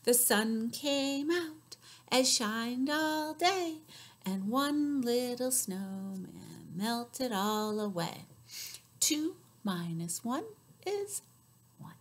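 A woman librarian reads a picture book aloud at a slow, deliberate pace. Her high voice leaps up and down, swinging from soft whispers to loud cheers. She reads in a sing-song way for young children. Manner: animated, sing-song, with sudden shouts and whispered asides. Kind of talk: story time read-aloud.

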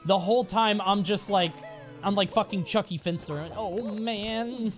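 A man's voice: sits high, a little slow, over music. A man streaming a game live, talking in a playful, sweary, jokey way. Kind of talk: live gameplay commentary.

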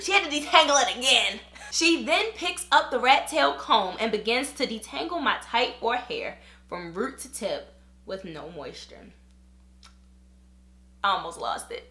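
A chatty woman vlogger with a high, lively voice that swoops all over, reading out a viewer's email and talking right to her audience. Her tone is bright and sharp, and the room has an echo. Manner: chatty and animated, talks straight to viewers. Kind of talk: casual chat reading an email aloud.

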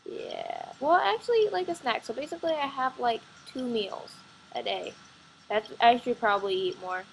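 A woman chatting excitedly and rambling with lots of fillers while playing a computer game at home, recorded on her computer microphone. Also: on the high side, normal speed, creaky, slight background noise, rough recording. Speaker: gaming vlogger.

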